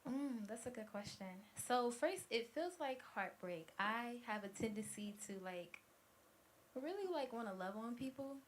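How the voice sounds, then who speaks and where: A woman in her twenties from Cincinnati, a guest musician with a hoarse, worn voice, answering interview questions in an open, reflective way. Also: on the high side, expressive, moderate pace, a little hiss or hum. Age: 20s. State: hoarse, has lost her voice.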